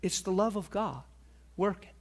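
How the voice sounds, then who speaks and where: A man's voice: high voice, lively intonation, normal speed. A middle-aged man preaching a sermon as a pastor, telling a personal story earnestly and acting out the voices of the people in it.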